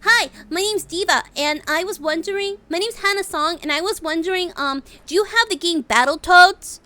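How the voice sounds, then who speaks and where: A woman's voice: very high voice, moderate pace, sharp tone, pitched above the performer's own voice. A woman voicing a chirpy young gamer girl making a prank call to a store. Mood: perky.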